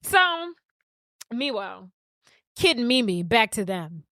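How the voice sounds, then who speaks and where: On a podcast, a woman co-host casually retells a movie plot, animatedly performing every character's lines and swearing freely. Her voice is on the high side and slow. The recording is dry and studio quality.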